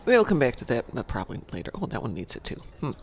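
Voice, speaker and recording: A man's voice: mid-range voice, wildly swooping pitch, fast talker, vocal fry, slight background noise. A man hosting a casual gameplay stream, just woken up and rambling as he thinks aloud. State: sleepy, just woke up. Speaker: gaming channel host.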